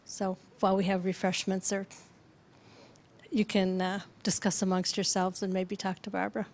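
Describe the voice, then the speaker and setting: A woman hosts the evening and reads out upcoming events to a room of listeners. Her delivery is halting, full of pauses and small fillers. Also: mid-range voice, little pitch movement, darkish tone. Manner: hesitant, many fillers. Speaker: event host. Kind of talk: announcements. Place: lecture room with audience.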